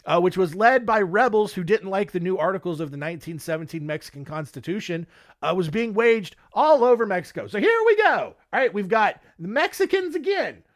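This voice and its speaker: High-voiced, jokey male podcast host. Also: expressive, a little fast. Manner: jokey, rambling, with filler words. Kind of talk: casual history podcast chat.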